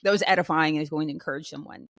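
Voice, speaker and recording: A woman's voice: deep voice, racing, no echo. Chatty woman podcast co-host, dry sound. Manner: chatty, animated, with many fillers and restarts. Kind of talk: casual chat.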